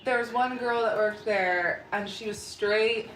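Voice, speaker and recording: A woman's voice: mid-range voice, unhurried, fairly bright tone. Young woman host, gossipy and rambling, heard from a distance over background noise. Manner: gossipy, fills speech with "like". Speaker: podcast host. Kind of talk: casual storytelling chat. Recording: echoey room, far from mic, noisy.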